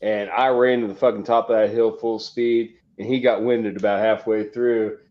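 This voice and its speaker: A man telling profane, animated childhood stories in a casual podcast chat. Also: on the low side, normal speed. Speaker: podcast co-host. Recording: slightly dull lo-fi audio.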